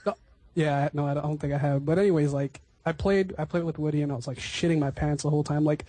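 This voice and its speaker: A man's voice: fairly high pitch, steady tone, quick pace, warm tone, dry recording. A young man chatting casually, sheepish and joking, swearing freely. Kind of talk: casual group chat.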